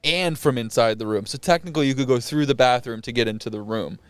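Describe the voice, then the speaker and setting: A man's voice: mid-range voice, fast talker, smooth, dry recording, soft background music. A young man in casual podcast chat, telling a story in careful detail. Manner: detailed storyteller, shouts out quoted lines.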